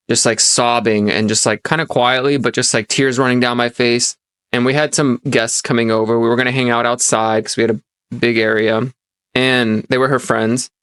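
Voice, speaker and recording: This self-help podcast host is a young man with a mid-range, fairly bright voice, recorded with no room sound. Raised in America as the child of immigrants, he tells a personal story and gives advice, sincere but meandering, full of fillers and false starts.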